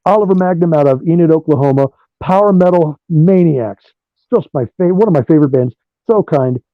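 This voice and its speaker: A man, a rock guitarist being interviewed over a remote call, telling animated stories and swearing freely. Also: on the high side, fairly quick, dry recording. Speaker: guitarist guest. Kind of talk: profane storytelling interview. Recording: dull lo-fi dry sound.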